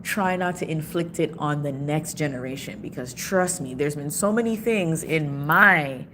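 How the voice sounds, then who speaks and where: A woman's voice: deep voice, moderate pace, background noise. A woman in her thirties from Toronto, with a Canadian accent and a Caribbean background, talking candidly in a casual vlog with frequent laughs and slangy asides. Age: 30s. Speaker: vlogger.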